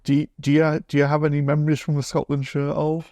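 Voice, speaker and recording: Halting male interviewer, dry sound. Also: a little high, completely flat delivery, a little mellow, dry recording. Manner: halting, repeats his opening words. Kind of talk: interview questions.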